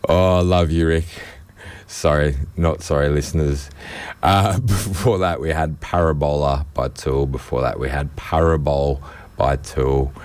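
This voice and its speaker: Slow deep-voiced Australian radio host. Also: male voice, a little mellow. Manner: slow, rambling, frequent ums and throat clearing. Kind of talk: casual radio back-announcing. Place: radio studio. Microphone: studio microphone.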